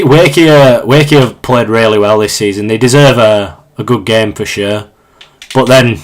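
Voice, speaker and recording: A man's voice: mid-range voice, fairly bright tone. Chatty young Yorkshire man streaming. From Yorkshire, England. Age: 20s. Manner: chatty, reads out viewer questions, frequent restarts and fillers. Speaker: live streamer. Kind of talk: casual live-stream chat while gaming.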